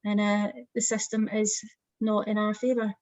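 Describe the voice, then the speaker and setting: A woman's voice: mid-range voice, little pitch movement, moderate pace, a little mellow, no room sound, poor audio. A young adult woman poet, speaking as a guest in an online festival interview, thoughtful and a little hesitant.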